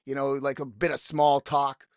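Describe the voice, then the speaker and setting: A man hosting a podcast tells a rambling, exasperated, profane story as a casual monologue, often quoting people he met. His mid-range voice is monotone at a normal speed, in a dry, studio-quality recording.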